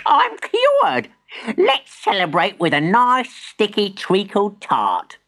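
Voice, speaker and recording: A woman voicing a bossy old granny with a cold, shrill and snappish. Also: huge pitch swings, a bit bright, exaggerated voice. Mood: pleased. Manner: shrill, snappish, drawn-out shrieks. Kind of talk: storybook voice acting.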